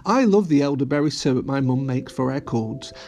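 A man voicing a silly, excitable young girl. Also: mid-range voice, fairly quick, close to an everyday voice. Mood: bubbly. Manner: giggly and excitable.

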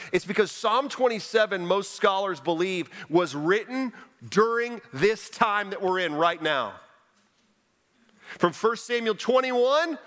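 A man preaching a sermon as pastor, earnestly questioning his congregation and dropping low and quiet for emphasis. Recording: long reverb of a large hall.

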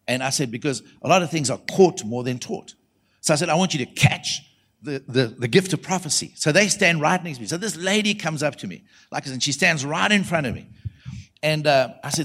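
Animated South African male preacher. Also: a little high, fast talker. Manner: animated, acts out the voices in his stories. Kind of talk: storytelling sermon.

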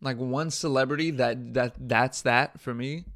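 A man's voice: medium pitch, fairly even intonation, unhurried, fairly bright tone. A man hosting his own podcast, talking bluntly and profanely in a casual, exasperated rant. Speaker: podcast host.

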